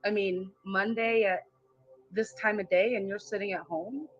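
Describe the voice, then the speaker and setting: A prank caller in a deadpan, mock-official manner, playing a call-center worker. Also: medium pitch, moderate pace, muffled recording.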